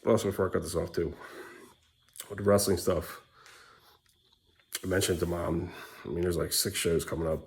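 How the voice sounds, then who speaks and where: A man's voice: deep voice, fairly even intonation, normal speed, vocal fry, long pauses. A man talking to camera as a dad vlogger, candid, rambling and blunt, with casual swearing. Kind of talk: rambling personal vlog monologue.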